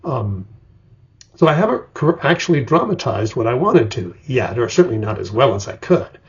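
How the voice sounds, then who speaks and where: Older male writing instructor, raspy and gravelly, vivid storyteller, lo-fi recording. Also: mid-range voice, sing-song, normal speed. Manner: vivid storyteller, acts out examples. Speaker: screenwriting teacher. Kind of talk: explanatory lecture. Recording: dull lo-fi recording.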